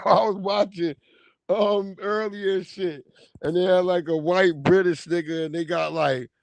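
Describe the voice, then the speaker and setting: A man's voice: on the high side, no room sound. A man hosting a live stream, giving loose, profane, slangy commentary on video clips.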